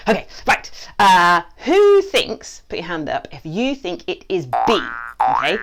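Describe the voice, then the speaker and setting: A woman's voice: fairly low pitch, unhurried, gravelly, background noise. A woman hosting a playful children's quiz from her basement, joking and trying silly accents. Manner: animated, jokey, with mock accents and asides. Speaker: quiz host, children's author. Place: basement at home.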